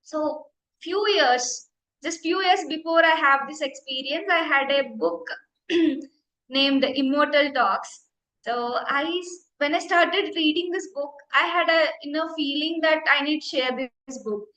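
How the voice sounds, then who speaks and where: Bright-voiced young Indian woman, roomy sound. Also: high voice, unhurried. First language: Telugu. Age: young adult. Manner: heartfelt, earnest storytelling. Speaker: meditation teacher. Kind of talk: personal testimony talk. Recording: roomy echo.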